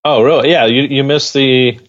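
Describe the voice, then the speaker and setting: A man's voice: medium pitch, steady tone, normal speed, no room sound, highs cut off. A man co-hosting a podcast, chatting casually and talking through his take on a reality show. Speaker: podcast co-host. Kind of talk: casual recap chat.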